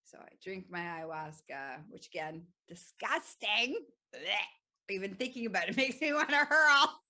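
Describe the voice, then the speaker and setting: A woman hosting a podcast, telling a personal story in an animated way, laughing often and swearing freely. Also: medium pitch, a little slow. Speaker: podcast host.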